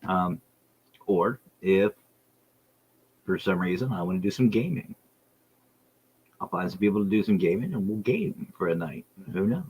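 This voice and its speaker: A man hosts his own podcast livestream in a loose, rambling way, full of excitement as he talks straight to viewers. His voice sits low and a little husky. He often stops to read their messages aloud. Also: moderate pace, long pauses, poor audio. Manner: rambling, enthusiastic, reads chat aloud. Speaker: podcast host. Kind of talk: casual livestream chat. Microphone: streaming setup.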